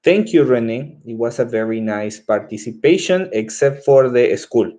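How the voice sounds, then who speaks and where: An English teacher runs his lesson slowly and unhurriedly, laying out each task step by step and patiently repeating instructions. His voice is medium-pitched, expressive, and warm, and he often pauses with a quick "okay?" to check the class is following.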